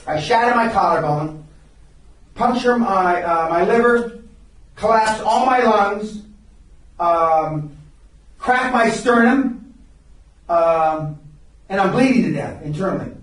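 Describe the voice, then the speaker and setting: Speaking slowly and pausing often, an older man with a high-sitting, expressive voice tells stories at a live seminar. He's crude and blunt, repeatedly breaking off to begin sentences again. The audio comes from far off in a heavily echoing room.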